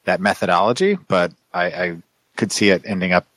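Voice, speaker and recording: Deep voiced podcast guy thinking out loud, dry mic. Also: a little fast, no echo. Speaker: podcast co-host. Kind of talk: casual podcast chat.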